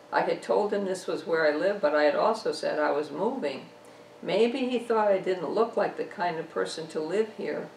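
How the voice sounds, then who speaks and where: A woman author reading her own novel aloud, telling a first-person story at a measured pace. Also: deep voice, gravelly, a little hiss or hum. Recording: echoey room, distant mic.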